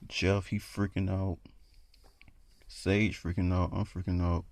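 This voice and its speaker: A man's voice: low-pitched, flat delivery, slow pace, darkish tone, no echo. A man telling a horror story in a casual, rambling way, full of fillers.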